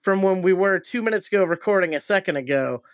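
A man's voice: high voice, expressive, fast, no room sound. A man co-hosting a podcast in loose, rambling, joking casual chat, recorded in a shed. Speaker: podcast co-host. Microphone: home recording setup in a shed.

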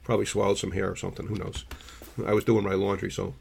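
A man, co-hosting a podcast, tells rambling stories in a husky voice and keeps clearing his irritated throat. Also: low-pitched, level tone, fast, darkish tone. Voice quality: gravelly, husky. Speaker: podcast co-host. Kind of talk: casual storytelling chat.

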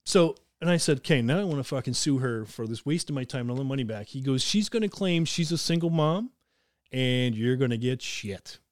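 A man's voice: medium pitch, a little fast, dry recording, clean studio sound. A man from Canada hosting a podcast, telling a story in casual chat with lots of swearing. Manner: profane, animated storyteller. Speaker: podcast host.

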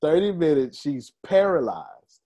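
A man's voice: on the high side, unhurried. A man giving a motivational talk, telling a story with laughs and speaking straight to his audience. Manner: animated, laughing storyteller addressing the crowd.

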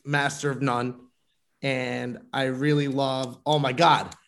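A man's voice: medium pitch, flat delivery, takes it slowly, vocal fry, fairly bright tone. A man rambling in a casual group chat over a video call, leaning on fillers. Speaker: panelist.

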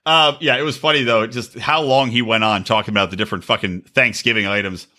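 A man's voice: mid-range voice, fairly even intonation, sharp tone. A man co-hosting a podcast in casual chat, joking around with lots of swearing. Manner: profane, joking, quick asides. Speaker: podcast co-host.

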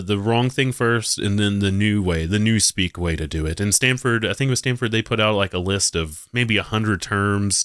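A man with a very low voice hosts a casual commentary podcast. He sounds mocking and sarcastic and stumbles over restarts. The recording is dry, with no room sound. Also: fairly bright tone, dry recording. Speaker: podcast host.

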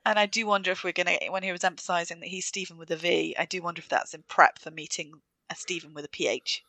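A woman's voice: fairly low pitch, steady tone, fast talker, bright, forceful tone. A woman co-hosting a podcast in casual chat, giving enthusiastic commentary. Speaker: podcast co-host.

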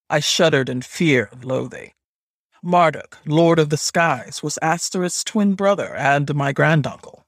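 A man narrating a first-person fantasy story in a measured, scripted audiobook reading. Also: a little high, fairly bright tone, no echo, studio quality.

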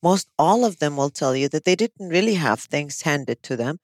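A woman's voice: low voice, lively intonation, moderate pace, no echo. A woman psychologist hosting a podcast, talking frankly and emphatically in casual chat. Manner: frank, emphatic, many affirming interjections.

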